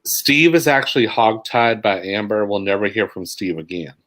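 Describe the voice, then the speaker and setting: Man with a lower voice, joking, eager fan chat. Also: animated, normal speed, fairly bright tone, low-quality recording. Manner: joking, enthusiastic fan talk. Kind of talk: casual chat.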